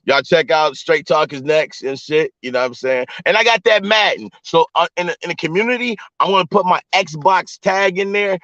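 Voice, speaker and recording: Animated and talking at normal speed with few pauses, a vlogger whose voice sits on the high side, bright and forceful, tells stories to his live chat from a vehicle. He's profane, loose and talks right at viewers. His phone audio is dull, lo-fi and dry, with no room sound.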